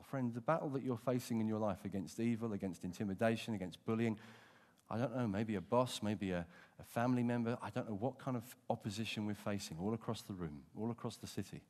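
A man preaching a sermon as pastor, telling stories with animation and dropping to a hush for emphasis. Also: fairly low pitch, fast talker, big-room sound. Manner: animated storytelling, acting out voices, dropping to hushed emphasis.

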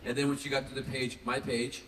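A man's voice: mid-range voice, quick pace. A man on a convention panel, telling stories and chuckling. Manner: animated storyteller, chuckling. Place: large convention hall. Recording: echoey hall, distant mic, some noise.

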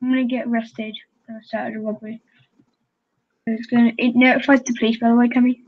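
High-voiced excitable woman commenting on a game. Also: a little fast. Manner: excitable, chatty, talks to fellow players. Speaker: gaming channel host. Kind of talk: casual gameplay commentary. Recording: dull lo-fi home recording.

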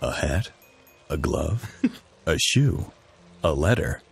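Deep gravelly sexy mushroom dude, slow and swooping. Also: male voice, animated, soft background music, full character voice. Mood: sultry. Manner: slow, low, gravelly drawl.

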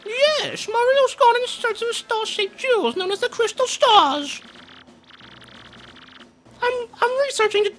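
Kammy Koopa, as a man puts her on: prim shrill old witch. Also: animated, measured pace, long pauses, a bit bright, a little hiss or hum, exaggerated voice, rough recording. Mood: fawning. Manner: prim, overly polite and proper. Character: fawning old female witch servant.

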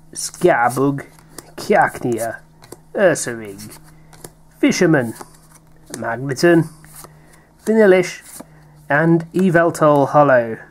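A man's voice: on the high side, slight background noise. A British man chatting playfully while opening card packs, reading out names with little laughs. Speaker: card pack opener, co-host. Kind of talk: casual unboxing chat.

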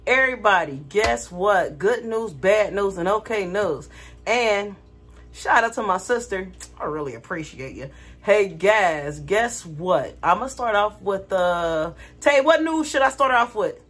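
A woman's voice: medium pitch, unhurried, husky. A woman vlogger talking casually to her viewers, telling a dramatic story with lots of energy. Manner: animated, dramatic retelling with laughter.

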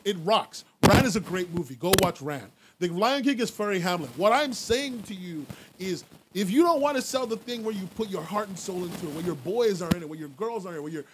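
There's background noise behind this podcast host, whose voice sits high. He addresses his stream chat in a blunt, casual way, swearing freely, repeating things for emphasis, and laughing often.

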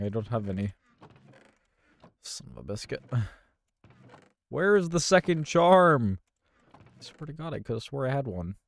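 Gravelly, lively man narrating his gameplay. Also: on the low side. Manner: exasperated, talking to himself, mild cursing. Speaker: gaming channel host. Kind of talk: live gameplay commentary.

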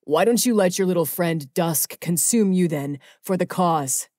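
A woman's voice: lowish voice, a little slow, warm tone, no room sound. A woman voicing Jamin, a sardonic young male angel in an audiobook, speaking with dry sarcasm. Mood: sarcastic.

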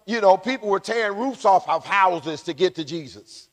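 A man with a high voice preaches a sermon in a church, and a long reverb trails his words around the hall. He calls on the congregation to answer him back and rises into shouts as he goes. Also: expressive, normal speed. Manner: call-and-response preaching, building to shouts. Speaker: pastor. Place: church sanctuary.

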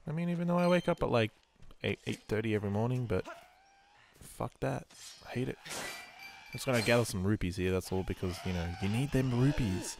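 A man's voice: mid-range voice, fairly quick, vocal fry, noisy background. A man giving casual let's-play commentary while sleepy and yawning, rambling and swearing freely. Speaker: gameplay commentator.

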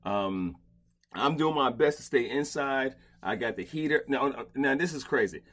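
A middle-aged man hosts a casual interview with a husky edge to his voice. He is blunt and profane, swinging from low grumbles to loud, animated rants. The sound is close and dry, from a closet lined with blankets. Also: moderate pace. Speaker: podcast host. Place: home closet padded with blankets.

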